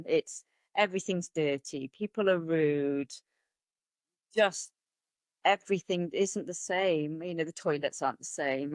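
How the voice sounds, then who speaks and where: A woman's voice: deep voice, dry recording. A woman, a podcast guest talking candidly and chattily in a conversational interview, laughing easily. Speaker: podcast guest, martial artist.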